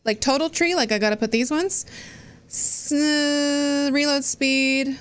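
A woman's voice: sits high, steady tone, takes it slowly. A woman streaming a game, thinking aloud in casual commentary and swearing freely.

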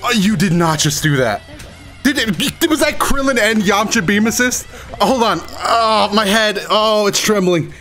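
A man reacting excitedly as a gaming YouTuber, exclaiming and repeating phrases over and over. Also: sits high, unhurried, faint music behind. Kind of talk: excited live reaction commentary.

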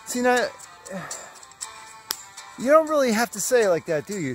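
Slow-talking man rambling on a hike. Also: high voice, sing-song, faint music behind. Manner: rambling, joking self-talk. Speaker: vlogger. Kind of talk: casual hiking vlog. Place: outdoors on a forest trail.

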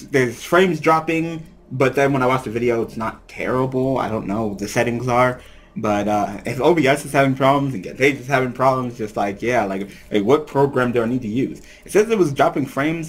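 A man casually commentating his gameplay, rambling with many fillers. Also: mid-range voice. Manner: rambling, filler-heavy, laughs often. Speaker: let's play host.

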